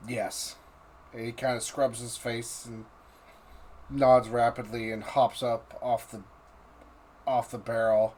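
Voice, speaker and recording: A man runs a tabletop game as game master, talking in stops and starts, often restarting his sentences. His voice sits at an ordinary pitch, and a faint hum of noise runs underneath. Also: flat delivery, darkish tone. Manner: halting, with restarts and fillers.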